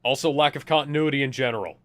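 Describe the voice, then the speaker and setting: A man's voice: medium pitch, fast, fairly bright tone. A man casually riffing on a movie as a commentary co-host, sarcastic and exasperated, swearing freely.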